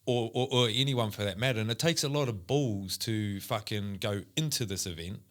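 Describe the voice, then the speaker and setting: A man with a fairly low voice in a relaxed podcast chat. He rambles through his points with plenty of filler, swears casually, and calls his friend bro and mate. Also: normal speed. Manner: rambling, profane, says mate and bro a lot.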